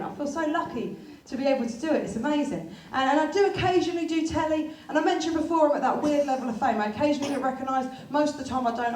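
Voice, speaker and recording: On a venue stage, an English woman in her thirties performs a chatty, self-deprecating stand-up set in a high voice with a darkish tone. The live theatre recording is reverberant, with a far mic, crowd laughter and a little hiss or hum.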